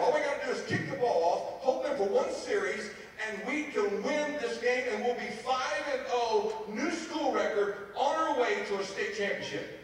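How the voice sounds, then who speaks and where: A man preaching as a pastor, telling a story in an animated, humorous way. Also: sits high. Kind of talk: storytelling sermon. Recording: echoey hall, mic far off.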